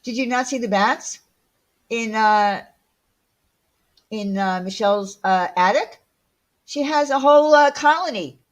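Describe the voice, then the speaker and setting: A woman's voice: a little high, measured pace, pauses often. A woman hosting a casual livestream, chatting with viewers and answering their comments in a blunt, chatty way full of fillers and the odd swear word. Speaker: livestream host.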